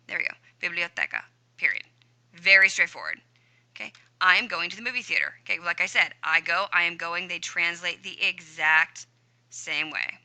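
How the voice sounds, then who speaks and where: A woman's voice: lowish voice, bright, forceful tone. Upbeat woman teaching a grammar lesson. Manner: upbeat, chatty, talks to herself while typing. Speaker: Spanish teacher. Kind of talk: recorded screen-share grammar lesson.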